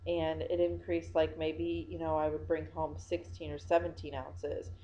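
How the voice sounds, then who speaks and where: A woman's voice: low voice, level tone, measured pace, warm tone, a little hiss or hum, low-quality recording. A tired young woman vlogging casually, rambling with many fillers and restarts. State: yawning, tired. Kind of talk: casual personal vlog.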